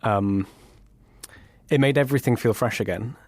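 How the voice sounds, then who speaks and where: A man's voice: mid-range voice, normal speed, no echo. A man hosting a podcast, thoughtfully talking with a guest and restarting his sentences often. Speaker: podcast host. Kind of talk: conversational interview.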